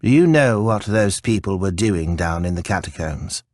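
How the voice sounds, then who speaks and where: A man reading an audiobook, voicing a kindly, stooped old male priest who talks in a slurred, creaky, gentle way. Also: low-pitched, lively intonation, moderate pace, no room sound, clean studio sound. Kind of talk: audiobook character voice.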